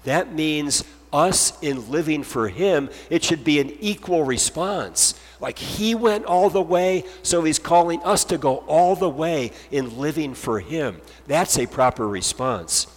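A man's voice: fairly high pitch, expressive, measured pace, hardly any pauses. Guy pastor preaching, earnest, keeps repeating to drive it home, echo trailing off like a church hall. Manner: earnest, emphatic repetition. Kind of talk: sermon.

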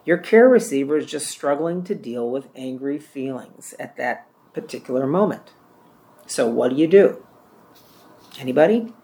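A man's voice: a little high, creaky, darkish tone. A man leading a church care-ministry training class, teaching in a plain-spoken way and often repeating or correcting himself.

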